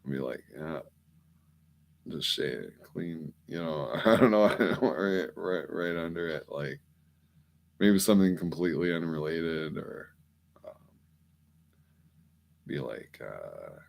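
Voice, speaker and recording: Male host, meandering drawl, very slow and rough-edged, casual cussing. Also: rumbling low, sing-song, a little mellow. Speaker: podcast host. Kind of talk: rambling late-night monologue.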